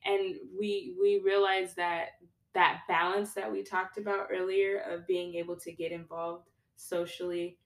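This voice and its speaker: A young woman guesting on a podcast, chatting casually and telling stories in a lively way, acting out what people said with big jumps in her voice. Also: a little slow. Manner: animated storyteller, acts out quotes with pitch jumps. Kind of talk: casual conversation. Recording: echoey room.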